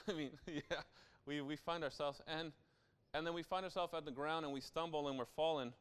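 A man's voice: a little high, steady tone, normal speed, clear, resonant tone. A young adult man preaching a sermon as pastor, in a conversational style with frequent asides to the listeners.

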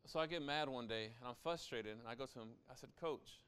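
A man's voice: medium pitch, fast talker, fairly bright tone, smooth. A young adult man preaching a sermon as pastor, in a conversational style with frequent asides to the listeners.

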